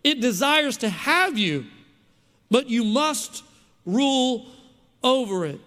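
A man preaches in a very high, bright voice, pressing his points home and throwing questions out to the congregation. His words ring out with a long reverb, as in a church hall. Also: very animated, slow pace. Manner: emphatic, keeps asking the congregation questions. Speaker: pastor. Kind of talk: sermon.

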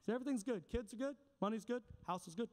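A man's voice: extremely high pitch, fast, darkish tone, long reverb tail. A man playing a churchgoer who puts on forced cheer, claiming everything is good. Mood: fake cheerful.

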